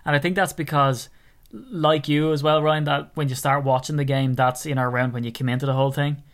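Relaxed Irish man chatting. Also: a little high, fairly quick. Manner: relaxed, rambling, joking. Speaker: podcast co-host. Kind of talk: casual sports chat.

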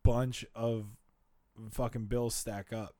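A man's voice: medium pitch, level tone, slow, dark tone, no echo. A man in his twenties in a casual podcast chat, rambling laid-back with lots of "like" and "dude". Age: 20s.

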